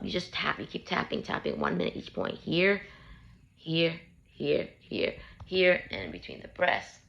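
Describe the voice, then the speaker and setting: Low, gravelly-voiced woman coaching earnestly. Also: very animated, unhurried, fairly bright tone, lo-fi sound. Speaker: parent giving healing advice. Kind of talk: casual self-help talk to camera. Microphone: handheld phone.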